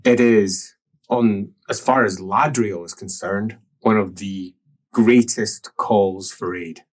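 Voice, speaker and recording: A man narrating a tabletop role-playing game as game master, in a musing way that drops to soft murmurs. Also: fairly low pitch, fairly even intonation, takes it slowly.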